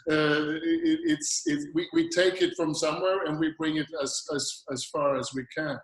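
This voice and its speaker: A man with a somewhat high voice talks loosely over a video call, repeating words as he goes. The audio is roomy, with noticeable echo around him. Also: fairly even intonation, moderate pace. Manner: loose, repeats words, laughs while talking. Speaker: panelist. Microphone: video call microphone.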